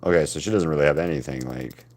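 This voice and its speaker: A man casually chatting to live-stream viewers while he paints, rambling and self-deprecating, talking to his chat between pauses. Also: rumbling low, a little mellow.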